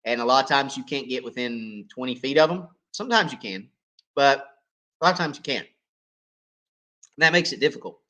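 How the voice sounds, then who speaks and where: A man hosting a live fishing Q&A, hoarse and coughing as he loses his voice, talking in a folksy, chatty way and checking in with viewers. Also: mid-range voice, moderate pace, pauses often, bright, forceful tone. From East Tennessee. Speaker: fishing channel host. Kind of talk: live Q&A chat.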